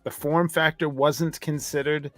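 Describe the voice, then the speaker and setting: A man's voice: on the high side, steady tone, a little slow, no echo, soft background music. A man hosting a casual review chat, telling rambling stories with frequent restarts. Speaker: host.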